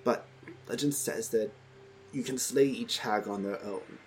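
A man's voice: on the low side, unhurried, a little mellow, a little hiss or hum. A man narrating a tabletop game as game master, in a casual, easygoing way. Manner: casual, playing townsfolk in his own voice.

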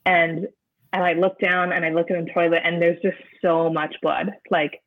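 A woman, an interview guest, recounting a personal experience in a halting way, often restarting as she searches for words. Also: on the low side, level tone. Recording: narrow phone-like sound.

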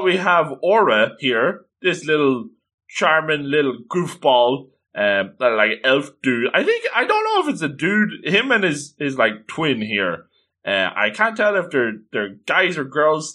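Man, manga commentator, lively animated pitch, bright tone, jokey asides. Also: measured pace. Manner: animated, joking, chuckling asides. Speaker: manga reviewer. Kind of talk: casual manga read-through commentary.

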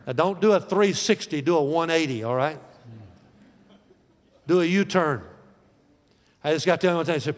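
Folksy man preaching in a reverberant hall. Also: fairly high pitch. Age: 40s or older. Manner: folksy preaching that swings between soft, slow lines and loud, rising calls. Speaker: pastor. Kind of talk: sermon.

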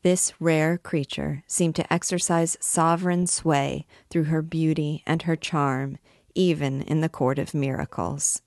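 A woman narrating a classic novel as an audiobook, in a measured, even storytelling manner. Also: sits low, no echo, clean studio sound.

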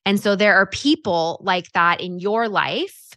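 A woman coaching direct sellers in a chatty, animated way, acting out example scripts as she goes. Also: medium pitch, measured pace, no echo. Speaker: sales coach. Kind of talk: coaching talk on social selling.

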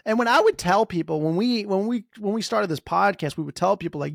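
A man's voice: sits high, fairly quick, gravelly, few pauses, no echo, clean studio sound. A man hosting a podcast, talking casually and sarcastically. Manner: sarcastic, mocks others in put-on voices. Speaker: podcast host.

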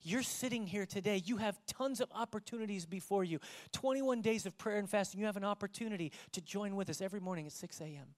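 Speaking in a mid-range voice at a quick clip with few pauses, a pastor delivers a sermon to a live church congregation. He alternates between loud emphasis and hushed tones and asks the listeners direct questions.

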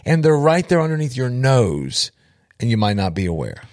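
Emphatic outreach minister. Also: male voice, medium pitch, big pitch swings, normal speed, a little mellow, no room sound, studio quality. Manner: emphatic, repeats for effect, addresses listeners directly. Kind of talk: storytelling testimony.

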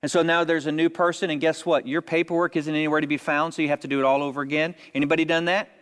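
A man's voice: fairly high pitch, flat delivery, racing, a bit bright. A man preaching a sermon, telling a story in a conversational way and rising to emphatic exhortation. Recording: long reverb of a large hall.

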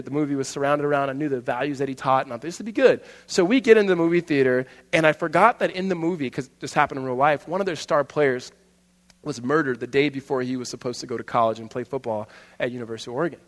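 A man's voice: medium pitch, fairly bright tone. A man in his thirties, a pastor telling a family story in a conversational sermon, with frequent restarts. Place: church hall. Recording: long hall reverb.

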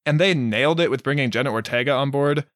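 A man's voice: mid-range voice, fast talker, fairly bright tone, no echo, clean studio sound. A man co-hosting a podcast in casual chat, blunt and stumbling on his first words. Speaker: podcast co-host.

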